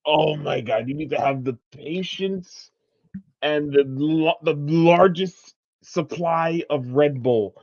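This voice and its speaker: A man with a fairly high voice joins a casual chat as a guest, throwing in playful jokes. His sound is dull and lo-fi, with the top end muffled. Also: takes it slowly, creaky, darkish tone. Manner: playful, jokey interjections.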